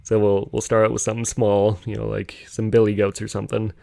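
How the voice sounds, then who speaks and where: A man's voice: fairly low pitch, monotone, brisk, gravelly, dark tone, dry recording. A young man casually telling a rambling story on a podcast, chuckling as he goes. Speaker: podcast host.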